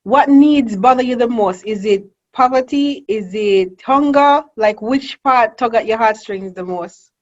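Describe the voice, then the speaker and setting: A woman's voice: fairly high pitch, a little slow, few pauses. A woman in her forties hosting a casual interview, asking friendly questions and laughing easily. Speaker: interview host. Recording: dull lo-fi audio.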